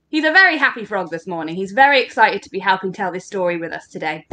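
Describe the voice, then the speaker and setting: A woman's voice: high voice, very animated, brisk, hardly any pauses, sharp tone. A woman leading an online storytelling workshop for children, upbeat and encouraging as she speaks straight to the kids watching. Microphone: online livestream.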